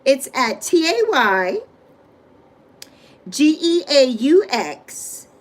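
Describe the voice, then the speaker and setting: A woman's voice: sits high, sing-song, drawn-out words, poor audio. A middle-aged woman from the Virgin Islands hosting a casual livestream, chatting and rambling between stories and greeting viewers by name. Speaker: livestream host.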